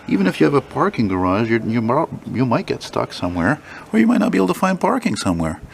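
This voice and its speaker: A man speaks in a mid-range, gravelly voice, very animated and fast. He's a vlogger walking snowy city streets, recounting a rambling story laced with profanity to his handheld camera, with faint traffic audible behind him.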